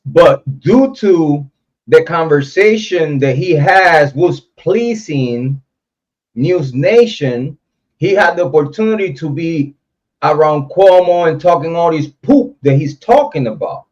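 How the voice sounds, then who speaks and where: This livestream host speaks in a fairly high, darkish voice, animated yet slow, as he addresses chat directly, reads out comments, and rants about fellow creators. Sound quality is dull lo-fi stream audio.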